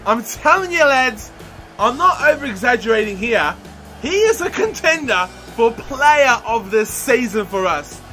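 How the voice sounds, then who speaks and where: A young man commentating on his own football game in a high, bright voice. He talks at an unhurried pace between bursts of excitement, and faint music plays underneath him. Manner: animated, shouts and groans at the action. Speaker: gaming commentator. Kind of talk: excitable live gameplay commentary.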